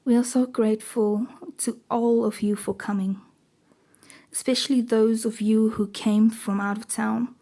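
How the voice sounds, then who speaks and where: A woman's voice: fairly high pitch, little pitch movement, measured pace, mellow. A woman voicing a grieving mother who gives a memorial speech, reading it in a plain, earnest way. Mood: solemn.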